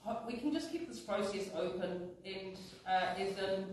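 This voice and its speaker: Halting high-voiced commissioner in echoey hall. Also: male voice, animated, a little mellow. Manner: halting, many fillers and restarts. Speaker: independent hearing commissioner. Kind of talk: closing remarks at a public hearing. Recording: echoey hall from far off with noise.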